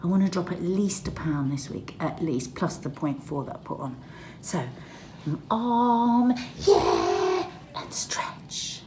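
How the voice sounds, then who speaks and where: A middle-aged woman vlogging casually from her dressing room at work, chatty and excitable, out of breath. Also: low-pitched, normal speed, noisy background. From England. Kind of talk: casual vlog monologue.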